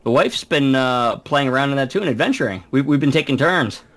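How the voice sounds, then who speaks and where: A man co-hosting a gaming podcast, telling stories about games in a relaxed, rambling way. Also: medium pitch, fairly quick. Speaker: podcast co-host. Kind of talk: casual gaming chat.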